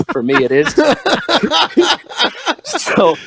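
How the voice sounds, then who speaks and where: A man's voice: extremely high pitch, extremely slow, slight background noise. A man on a podcast telling a raunchy anecdote casually, laughing often and acting out what people said. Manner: laughing, animated anecdote telling with acted-out quotes. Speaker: podcast co-host. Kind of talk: casual chat, storytelling.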